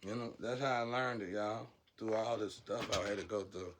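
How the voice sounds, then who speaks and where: A man vlogging a blunt, profane rant, scolding his viewers and swinging from low muttering to loud shouting. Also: moderate pace, noisy background. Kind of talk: ranting monologue to camera.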